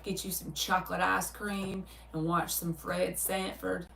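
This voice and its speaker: Her voice sits on the low side with some vocal fry, and she keeps a measured pace as this Southern US tarot reader hosts a casual livestream, reading and answering viewer comments with easy laughter and animated stories. The distant mic picks up roomy sound and slight background noise.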